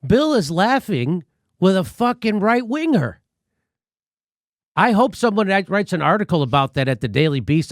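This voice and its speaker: A man's voice: sits high, sing-song, moderate pace, dry recording, studio quality. Sarcastic, profane male comedy host. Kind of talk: comic political commentary.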